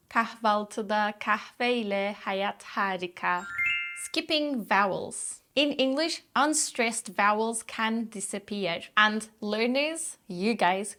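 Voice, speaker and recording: A woman who grew up speaking Turkish teaches an online pronunciation lesson, saying each drill word slowly and carefully twice over. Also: mid-range voice, fairly bright tone.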